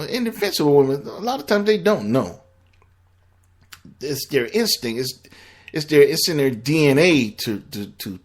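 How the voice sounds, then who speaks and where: A man giving blunt, profane relationship advice in a casual, rambling monologue. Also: mid-range voice.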